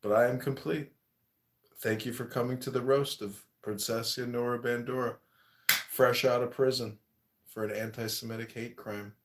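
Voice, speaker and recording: A man's voice: mid-range voice, fairly even intonation, normal speed, a little hiss or hum. A man hosting a casual livestream chat, crude and mocking, swearing often as he roasts his guests. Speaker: livestream host.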